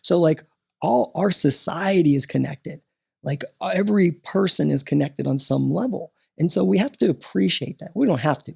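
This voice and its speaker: Man, podcast guest, husky voice, slightly high, motivational coaching talk, animated. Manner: animated, repeats "right?" and "like" often.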